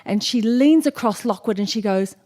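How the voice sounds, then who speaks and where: A woman's voice: fairly high pitch, normal speed. List: woman, New Zealand accent, poet, playful storyteller, live stage performance. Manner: playful, animated, acts out dialogue. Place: festival stage before an audience.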